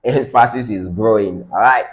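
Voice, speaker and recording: A man's voice: on the low side, normal speed, rough recording. A man with a Nigerian accent giving a business training lecture, repeating key phrases for emphasis and checking in with his audience.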